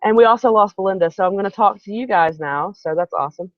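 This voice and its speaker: Talking fast in a medium-pitched voice, a woman hosts a live broadcast from home and spins a long, rambling story. She keeps interrupting herself with asides, and the recording sounds dull and dry.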